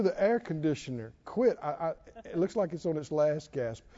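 A man preaching a sermon with animated delivery, repeating phrases and quoting scripture. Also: a little high, moderate pace, few pauses, muffled recording. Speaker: pastor.

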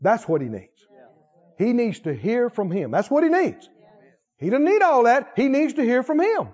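A man preaching a sermon in call-and-response style, repeating lines and swinging from hushed to loud. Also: very high-pitched, big pitch swings, moderate pace, slightly rough. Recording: dull lo-fi recording.

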